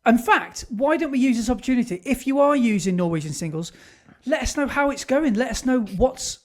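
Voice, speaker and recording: A man's voice: extremely high pitch, lively intonation, fairly quick. A man co-hosting a podcast in casual chat, rambling with restarts and dry jokes. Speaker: podcast co-host.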